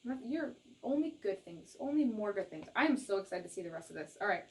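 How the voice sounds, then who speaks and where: A young adult woman from Canada giving a casual tarot reading straight to viewers, laughing often and repeating herself in her excitement. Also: mid-range voice, quick pace. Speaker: tarot reader.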